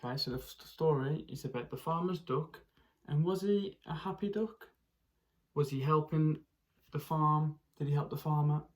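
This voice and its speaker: Reading a picture book to a group of children, a primary school teacher uses a medium-pitched voice. Expressive character voices and animal noises fill the reading, and there are pauses to put questions to the young listeners.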